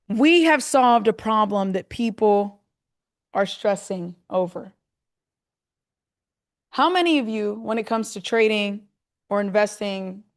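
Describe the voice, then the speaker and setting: A woman hosting a live call, delivering an excited sales pitch for a trading program and repeating her phrases for emphasis. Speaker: host presenting a trading program.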